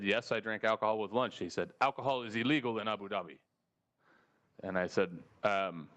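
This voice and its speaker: Swearing, animated American man telling stories. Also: lowish voice. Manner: animated, swearing, acts out dialogue. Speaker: podcast regular telling a travel story. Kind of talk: casual storytelling with profanity.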